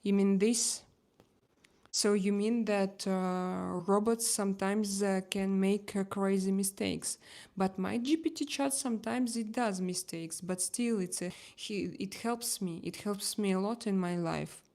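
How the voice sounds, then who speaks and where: A woman from Russia speaking English with a Russian accent as a livestream host, casually reading viewer comments in halting, non-native English full of pauses. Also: medium pitch, fairly even intonation, a little mellow.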